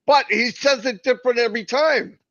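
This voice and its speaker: A man's voice: very high-pitched, brisk, fairly bright tone. A man co-hosting a casual live stream, rambling and joking with many fillers and restarts. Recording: dull lo-fi stream audio.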